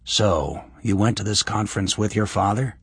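A man's voice: on the low side, moderate pace, slightly rough, dry recording. A man voicing an easygoing, curious young man in an audiobook, asking casual questions.

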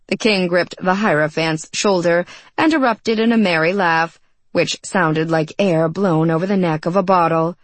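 A woman narrating a fantasy audiobook in an expressive storytelling manner. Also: on the low side, moderate pace, no echo.

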